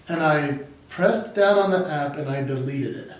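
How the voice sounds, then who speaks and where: A man with a high, lively voice tells a personal story and slips into the voices of the people in it. He sounds middle-aged and speaks as a practiced keynote speaker. The sound is roomy and echoing, and he sits back from the mic. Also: normal speed, recorded from a distance. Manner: lively and expressive, acting out the people in his stories. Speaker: guest, keynote speaker and comedian. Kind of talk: animated storytelling in a podcast interview. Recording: echoey room, voice away from the mic.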